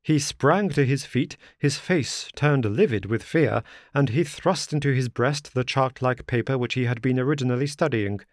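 A man narrating a classic detective story as an audiobook, in a measured storytelling manner. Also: medium pitch, no room sound, studio quality. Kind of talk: scripted narration.

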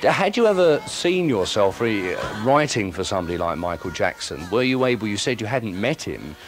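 A man's voice: fairly low pitch, very animated, normal speed, soft background music. A man hosting a radio show, interviewing a guest and reading out listener dedications in a chatty, jokey way.

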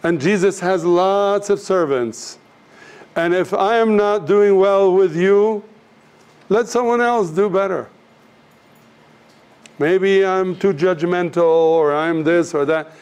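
He speaks slowly with frequent pauses, his high voice clean and a bit mellow. As a missions teacher, he addresses students earnestly and directly, storytelling and performing the people in his anecdotes.

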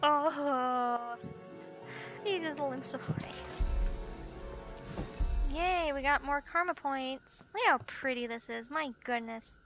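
A woman with a high voice and an unhurried pace talks her way through a video game, chatty and excitable, with bursts of giggles. Clear game music plays behind her. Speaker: gameplay channel host. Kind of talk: casual game commentary.

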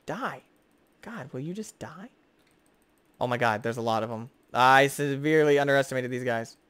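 A young man giving excitable, jokey gameplay commentary as host, chatting to the creatures on screen. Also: mid-range voice, normal speed, clear, resonant tone, dry recording. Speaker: gaming video host.

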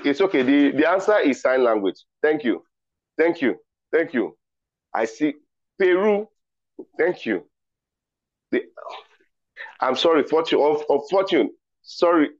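In a mid-range voice, a man hosts a riddle quiz at a virtual ceremony, teasing in a playful way and reading chat replies aloud. The call audio is dry, dull and lo-fi.

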